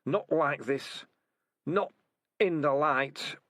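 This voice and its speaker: A man voicing a dying old male rat leader, speaking faintly, breathily and slowly. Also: fairly high pitch, fairly bright tone, no echo, clean studio sound, pitched above the performer's own voice. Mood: weak, fading.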